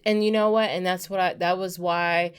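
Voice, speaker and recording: A young adult woman hosting a podcast in casual chat, playful and quick to laugh. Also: fairly low pitch, fairly even intonation, clean tone. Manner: playful, laughs often, draws out words. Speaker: podcast host.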